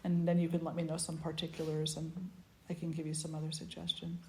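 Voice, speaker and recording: Gentle woman teacher in an echoey room. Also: low-pitched, completely flat delivery. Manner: gentle, unhurried, speaks in short phrases. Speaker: spiritual teacher. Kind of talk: satsang talk with storytelling.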